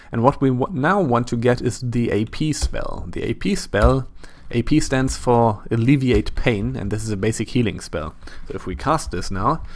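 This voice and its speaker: Gravelly German-accented man narrating gameplay. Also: medium pitch. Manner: chatty, thinks aloud, self-deprecating asides. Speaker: let's play host. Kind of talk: casual gameplay commentary.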